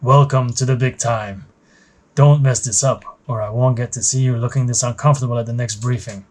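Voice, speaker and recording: A man's voice: medium pitch, fairly even intonation, brisk, darkish tone, close to an everyday voice. A man reading as a grinning young pilot. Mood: teasing. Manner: teasing, then urgent. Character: grinning friendly male pilot lieutenant.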